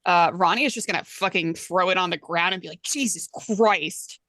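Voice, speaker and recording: A woman playing in a tabletop game, blunt and deadpan. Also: fairly low pitch, quick pace. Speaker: player. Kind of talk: casual tabletop play.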